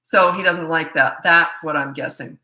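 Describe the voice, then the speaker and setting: A woman's voice: sits low, normal speed, pushed and bright, echoey room. A middle-aged woman, a parenting coach, answering viewer questions in a chatty, blunt way with self-deprecating asides. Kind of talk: casual live Q&A.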